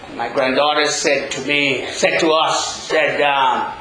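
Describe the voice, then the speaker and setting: An older man delivers a funeral sermon in a high, drawn-out voice. He climbs to passionate shouts, then falls back to a hush. The sound rings through a big echoing hall, with a crowd murmuring behind him. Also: steady tone. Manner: impassioned, swings from shouting to hushed. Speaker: preacher at a funeral.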